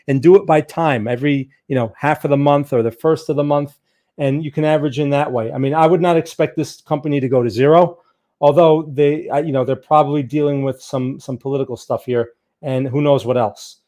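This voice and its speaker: Mellow-voiced man hosting a trading stream. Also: a little high. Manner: casual, thinks aloud, repeats words. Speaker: trading livestream host. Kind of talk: live Q&A on market charts.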